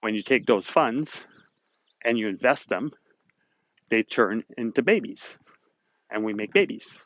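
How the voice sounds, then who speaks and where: A low-voiced man hosting a motivational video series, talking straight to the camera in a chatty, upbeat way. He rambles a little and retells conversations in his own words. The sound is dry and a bit dull. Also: unhurried, fairly bright tone, no echo. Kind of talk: casual talking-to-camera monologue. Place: Southern California.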